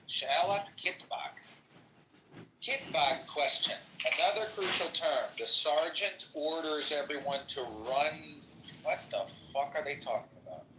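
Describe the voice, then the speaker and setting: A man's voice: fairly high pitch, noisy background. A man hosting casual podcast chat, asking blunt, profane and sarcastic questions in an echoey room.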